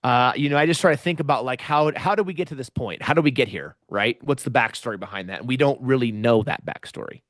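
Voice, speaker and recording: A man's voice: medium pitch, fast talker, few pauses, a bit bright, no echo, studio quality. A man co-hosting a podcast in casual chat. He is reflective and often repeats a word as he starts a sentence. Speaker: podcast co-host.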